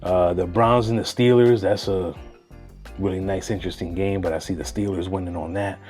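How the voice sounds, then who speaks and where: A man with a lowish voice riffs through sports matchups in a loose, slangy way, tossing in bits of Spanish. Faint music plays quietly behind him. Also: moderate pace. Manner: slangy, animated, mixes in Spanish phrases. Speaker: sports vlogger. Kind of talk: casual sports commentary.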